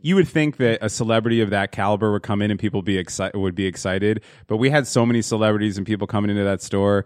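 A man tells a long story on a podcast, casual and profane, stumbling through fillers and restarts. His voice sits low. The sound is dry, with no room echo. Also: quick pace, a little mellow, smooth. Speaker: podcast host.

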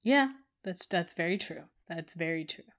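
A woman's voice: on the low side, lively intonation, moderate pace, a bit bright. A woman co-hosting a podcast in loose, casual chat. She rambles through her thoughts, full of fillers, with a fed-up, frustrated tone. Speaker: podcast co-host.

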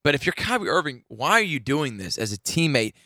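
A man's voice: fairly high pitch, sing-song, fairly quick, pushed and bright, no room sound, studio quality. Fired-up man hosting a sports talk show. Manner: opinionated, builds to emphatic rants. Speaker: sports talk radio host.

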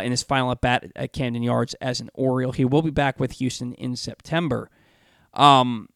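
A man hosting a sports talk radio show, animated and stumbling over his words, on a studio mic. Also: mid-range voice, no room sound.

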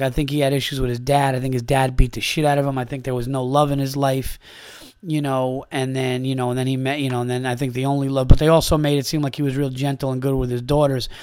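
A man's voice: mid-range voice, a bit bright, clear, resonant tone, dry recording, clean studio sound. A man from upstate New York hosting a comedy podcast in casual chat, rambling and profane, with lots of fillers.

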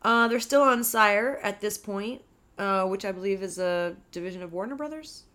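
A woman's voice: mid-range voice, moderate pace, bright, forceful tone. A woman co-hosting a music podcast in casual, giggly chat, with plenty of fillers. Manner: giggly, chatty, with many fillers. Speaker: podcast co-host.

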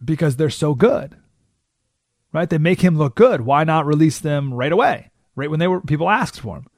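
A man hosting a talk radio show, telling stories with animated delivery and asking rhetorical questions. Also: on the high side, moderate pace, dry recording, clean studio sound. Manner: animated storytelling with frequent rhetorical "right?"; acts out quoted voices.

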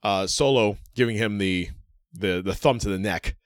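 A man co-hosting a casual podcast, excitedly recapping a wrestling match in a rambling way with many restarts. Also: fairly low pitch, moderate pace, dry recording, studio quality. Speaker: podcast co-host.

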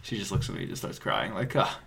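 A man's voice: sits low, big pitch swings, quick pace, creaky, a bit bright. A man co-hosting a podcast, telling stories in casual chat and often breaking into laughter. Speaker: podcast co-host.

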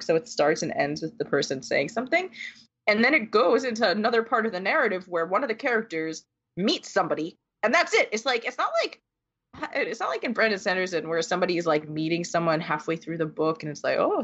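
Talking quickly in a mid-range, slightly bright voice with big pitch swings, a woman vents her frustration in a casual book chat. Filler words pile up, and the audio is dull and lo-fi.

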